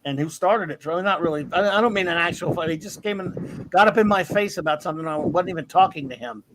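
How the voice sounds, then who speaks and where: A man's voice: high-pitched, fast, crowd noise, rough recording. A man in his fifties hosting a casual podcast chat, telling rambling anecdotes in a blunt, crude, joking way. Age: 50s. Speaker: podcast host.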